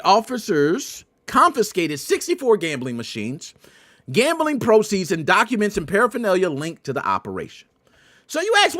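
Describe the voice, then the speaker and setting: A man hosting a podcast, telling stories in a loud, profane, animated way. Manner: loud, profane, jumps into high excited pitch. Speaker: podcast host. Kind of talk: animated storytelling commentary.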